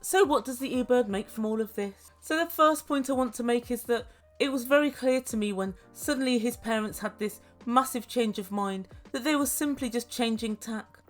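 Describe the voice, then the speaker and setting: Sarcastic woman recapping reality TV. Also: a little high. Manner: sarcastic, swears freely, laughs at her own jokes. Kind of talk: casual commentary recap.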